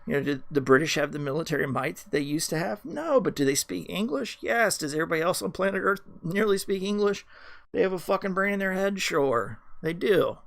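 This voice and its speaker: A US podcast host rants through a rambling monologue, swearing heavily and packing it with fillers and restarts. His voice sits high and animated, a little fast, with vocal fry and a fairly bright tone.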